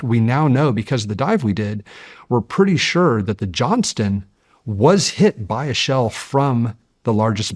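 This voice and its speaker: Fifties guy on an interview show, earnest measured storyteller, gets animated, dry close mic. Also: mid-range voice, dry recording. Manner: measured and earnest, building to animated when recounting history. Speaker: guest, deep-sea explorer.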